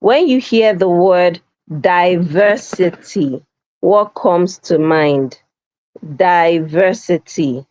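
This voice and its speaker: A woman's voice: on the low side, very slow, darkish tone, a little hiss or hum. A woman facilitating an interactive live online session, reading viewers' comments aloud and cheering them on, with repeated phrases for emphasis. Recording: dull, slightly lo-fi dry audio.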